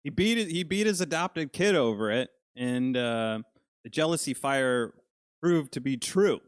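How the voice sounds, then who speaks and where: Male co-host, casual film chat, playful and enthusiastic, medium pitch. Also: expressive, measured pace, smooth. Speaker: podcast co-host.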